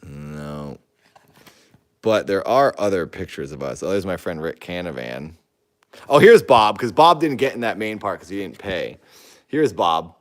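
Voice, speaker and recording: A man's voice: low voice, expressive, unhurried. A man in his thirties in casual chat, leafing through an old yearbook and reading entries aloud, amused and rambling, often trailing off into mumbles. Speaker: host.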